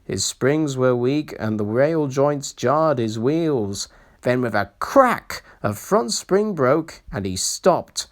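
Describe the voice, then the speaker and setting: Children's story narrator: slow, measured, lively intonation. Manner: slow, expressive reading with lively pitch. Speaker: storybook reader. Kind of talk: children's storybook read-aloud.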